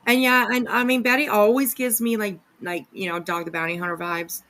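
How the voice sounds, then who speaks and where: A woman talks her viewers through a clip in a loose, chatty way, tossing in sarcastic jabs. Her pitch sits in an ordinary middle range for a woman. She fills gaps with ums and quick asides as she goes. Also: very noisy. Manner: sarcastic, chatty, many fillers. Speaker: commentary channel host. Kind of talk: casual reaction commentary.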